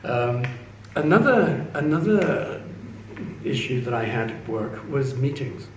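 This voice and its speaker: A middle-aged man with an English accent tells stories in a measured, wry and reserved way. His voice rings around an echoey room, caught from some distance, with a faint hum underneath. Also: mid-range voice, very animated. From England. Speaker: speaker. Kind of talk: anecdotal opening speech.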